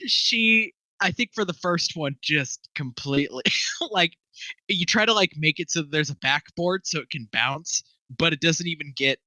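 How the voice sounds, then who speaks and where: A young man runs a tabletop game, his voice strikingly bright and close on a dry mic. He laughs between lines and swears freely as he narrates. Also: fairly high pitch, no room sound. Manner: laughing often, loose and profane. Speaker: game master.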